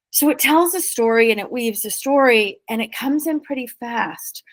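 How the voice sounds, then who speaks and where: A woman, a spirit medium guest, talking casually and quickly in an interview, explaining in a lively, flowing way. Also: on the high side, no room sound. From New England.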